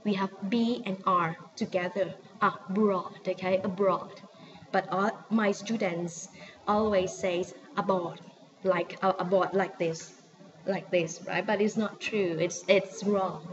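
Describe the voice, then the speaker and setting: A woman's voice: medium pitch, muffled recording, a little hiss or hum. A woman from Thailand with a Thai accent, teaching a spoken English lesson and often checking in with her listeners. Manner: coaching, often checking in with "okay?" and repeating phrases slowly.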